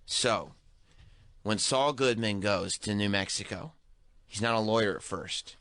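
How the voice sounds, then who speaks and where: A man's voice: fairly low pitch, a bit bright, no echo, studio quality. A man co-hosting a casual podcast chat, joking and laughing often. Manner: joking, laughs often, does quick voices of characters. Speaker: podcast co-host.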